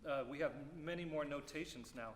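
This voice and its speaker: A man teaching a music clinic, explaining phrasing and singing rhythms aloud with lively syllables. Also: fairly high pitch, a little fast. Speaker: percussion clinician. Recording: roomy hall reverb, faint noise.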